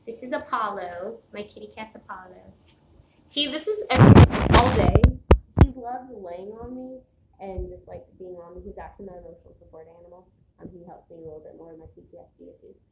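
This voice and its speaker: Filmed on a phone camera indoors at home, a mid-range-voiced woman vlogger chats briskly and casually with viewers, rambling through many fillers and restarts. The sound is roomy, with heavy background noise.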